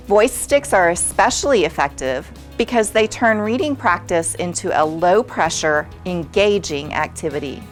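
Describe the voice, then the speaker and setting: A woman giving clear, measured scripted narration for a teaching video, explaining a classroom strategy. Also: lowish voice.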